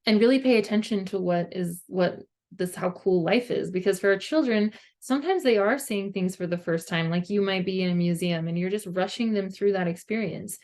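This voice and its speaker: A woman's voice: medium pitch, a little fast, darkish tone. A woman vlogger talking to her viewers in a casual, earnest monologue, peppered with "like". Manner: earnest, conversational, heavy use of "like". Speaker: parenting vlogger.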